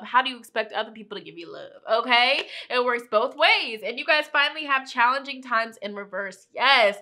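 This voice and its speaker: A woman reads tarot cards in a bright, forceful voice that sits a little high. Her delivery is chatty and encouraging, and she keeps tossing in "okay?" and "you know" as she goes. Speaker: tarot reader. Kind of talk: upbeat tarot reading.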